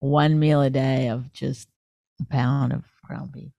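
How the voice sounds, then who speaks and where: Quick, joking woman co-host. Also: a bass voice, level tone, gravelly, mellow, no echo, clean studio sound. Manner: quick, joking, often laughing. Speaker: podcast co-host. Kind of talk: casual chat.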